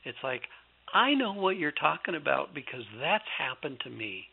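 A man who is an author being interviewed on a radio show, speaking reflectively with halting restarts over a phone line. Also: on the high side, very animated, vocal fry, breathy edge. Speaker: guest author.

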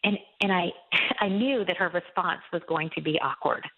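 Woman author on a call-in, earnest and halting, gravelly low voice, sounds like a phone line. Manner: earnest, halting storyteller with many restarts. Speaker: author and guest. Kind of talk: casual Christian radio interview.

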